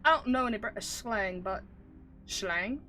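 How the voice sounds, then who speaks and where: Female streamer, casual rambling commentary, cusses a lot, self-deprecating; bright, tense tone. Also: mid-range voice, expressive, measured pace, faint music behind.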